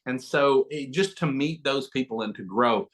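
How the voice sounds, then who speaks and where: Fast-talking, joking man as an interview guest. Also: mid-range voice, fairly bright tone. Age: middle-aged. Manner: fast, name-dropping, joking. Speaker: guest actor and auctioneer. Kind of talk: animated interview storytelling.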